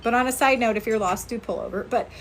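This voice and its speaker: A woman's voice: fairly high pitch, fast talker. A woman who works as a spirit medium, chatting earnestly on a casual outdoor livestream and thanking viewers by name.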